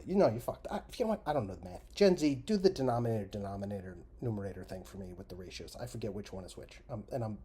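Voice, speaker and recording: A sarcastic man rants through a profane comic monologue, his mellow, dark voice swinging widely in pitch. He lurches from loud jabs to muttered, whispered asides. A faint hiss sits under the recording. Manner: animated, sarcastic, heavy swearing, trails into mutters and whispers. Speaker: podcast host. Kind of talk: profane comedic rant.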